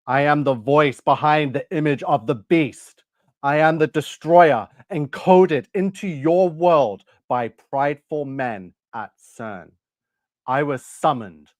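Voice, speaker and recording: A man's voice: mid-range voice, slow pace, no room sound, voice pushed up, close to an everyday voice. A man reading aloud an AI chatbot's answers, cast as a demon making a solemn confession.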